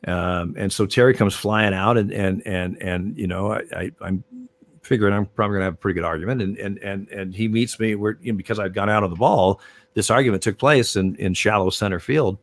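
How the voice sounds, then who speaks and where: An older man, a retired umpire, telling stories in a relaxed interview, with many fillers and restarts. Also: on the low side, fairly quick. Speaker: retired baseball umpire, guest. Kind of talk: casual interview storytelling.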